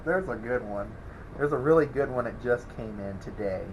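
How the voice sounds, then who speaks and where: A man's voice: mid-range voice, lively intonation, normal speed, slight background noise, low-quality recording. A man, rambling in a casual vlog, chuckling and exasperated as he answers a troll. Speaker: welding channel host. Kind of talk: casual vlog talk to camera.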